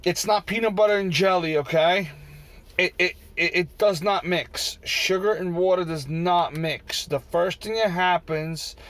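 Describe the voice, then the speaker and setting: A man's voice: high-pitched, unhurried, fairly bright tone. A vending machine operator venting in a frustrated, profane, repetitive rant for his vlog, talking from inside a vehicle. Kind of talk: ranting vlog.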